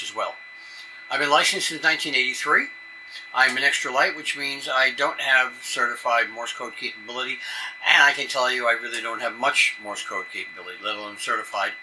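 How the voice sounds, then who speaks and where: An older man from New York City gives a conference presentation in a chatty, meandering way, with a steady mid-range voice. A clear layer of background noise runs under his voice. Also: medium pitch. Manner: chatty, rambling asides. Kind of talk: conference talk. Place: conference room.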